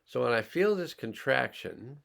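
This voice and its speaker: A man teaching a healing class, slowly and calmly talking listeners through sensing their body and emotions. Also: medium pitch, vocal fry. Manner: slow, calm, pausing, guiding listeners' awareness. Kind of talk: slow guided healing demonstration.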